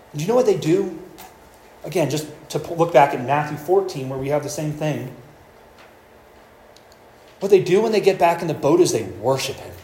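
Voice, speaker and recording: A man delivers a sermon from a pulpit, his voice sitting somewhat high for a man. He reads scripture aloud, then unpacks it with earnest emphasis and the odd restart. The sound rings in a reverberant room. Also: darkish tone. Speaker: pastor.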